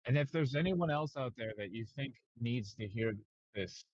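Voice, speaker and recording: A man's voice: mid-range voice, expressive, moderate pace, a little mellow, no echo, dull audio. A man chatting casually on a livestream, hesitant and repeating himself as he explains.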